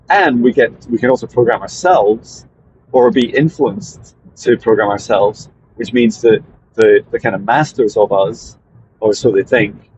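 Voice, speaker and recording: A man, a spiritual mentor, talking casually to his viewers in a meandering way, often pausing and restarting. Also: mid-range voice, darkish tone, muffled recording, a little hiss or hum. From Scotland. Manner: meandering, hesitant with fillers and restarts.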